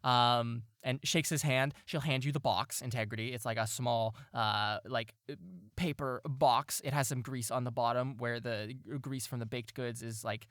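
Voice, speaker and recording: A game master narrating a tabletop role-play in a loose, rambling way, full of fillers and laughter. The voice is bright and the recording close and dry, with no room around it. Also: medium pitch, steady tone, moderate pace, few pauses, no echo.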